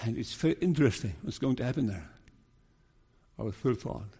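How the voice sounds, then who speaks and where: A man preaching a sermon, telling a Bible story in an earnest, measured way and pleading with his listeners. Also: mid-range voice, animated, vocal fry, dark tone, slightly rough. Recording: long reverb of a large hall.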